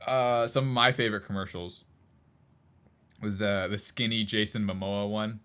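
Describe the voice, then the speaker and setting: A man's voice: fairly low pitch, steady tone, moderate pace, sharp tone, clear, resonant tone. A man co-hosting a casual podcast chat, rambling with lots of fillers and frequent laughs. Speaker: podcast co-host.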